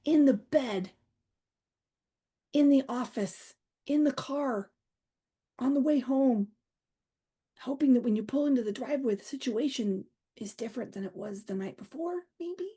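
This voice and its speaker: A woman's voice: high voice, animated, a little slow, long pauses, warm tone, husky. A middle-aged woman comedian and humor coach, chatting as a podcast guest, playful and acting out voices in her stories. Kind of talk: animated podcast chat.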